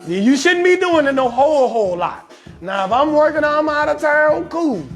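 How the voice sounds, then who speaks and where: This is a young man with a strikingly high voice, holding court as host of his own livestreamed talk show. He delivers crude comic advice in a loud, brash stream and greets viewers in his chat by name. Soft music plays faintly behind him. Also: sing-song, moderate pace. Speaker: comedian hosting a live talk show. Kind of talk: profane comedic advice monologue on a livestream.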